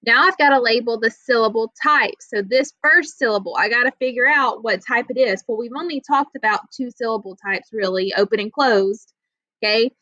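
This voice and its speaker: A woman's voice: a little high, normal speed, sharp tone, dry recording. A woman teaching children a reading lesson, explaining patiently step by step and checking in with "okay?". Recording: dull lo-fi audio.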